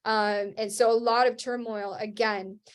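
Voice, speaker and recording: Young woman guest on an interview show, kinda high voice, rambly, does voices when she quotes people. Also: unhurried. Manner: animated, acts out what people said; rambling with many fillers and restarts. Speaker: guest, Christian rock singer. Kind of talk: casual interview storytelling.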